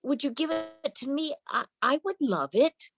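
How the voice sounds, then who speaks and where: A woman's voice: high-pitched, lively intonation, measured pace, gravelly, slight background noise, voice pushed up, exaggerated voice. Woman doing a timid pleading little girl. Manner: hesitant, stammering pleas.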